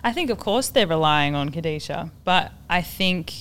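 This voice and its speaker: An Australian woman, a current player guesting on a panel, answering thoughtfully with a steady run of "I think". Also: sits low, moderate pace. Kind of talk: casual panel chat.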